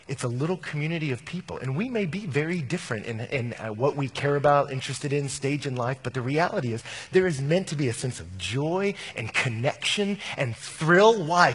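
A middle-aged male pastor preaching a sermon, telling a personal story with animated, acted-out voices in a church sanctuary. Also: sits high, slightly rough, big-room sound.

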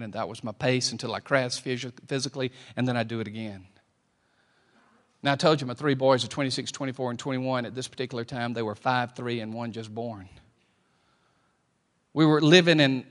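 Man preaching a storytelling sermon. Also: mid-range voice. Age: middle-aged. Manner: storytelling, swings from quiet to loud. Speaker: pastor.

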